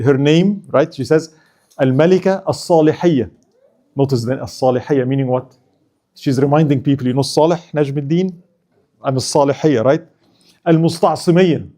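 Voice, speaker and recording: A man giving a storytelling history lecture at a mosque, asking animated rhetorical questions and acting out the people in the story. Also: mid-range voice.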